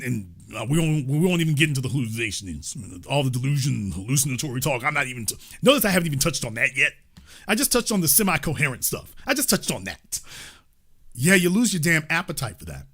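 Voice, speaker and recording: A male host giving livestream political commentary in an animated, emphatic way, with mild cursing and the odd shout. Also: medium pitch, fast talker, breathy edge.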